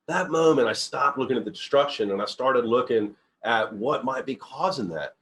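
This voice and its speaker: Middle-aged male speaker, earnest and rambling, lots of self-corrections, average pitch. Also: lively intonation, moderate pace, a bit bright. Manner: rambling, restarts often, earnest storytelling. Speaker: company CEO giving a talk. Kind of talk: informal motivational talk.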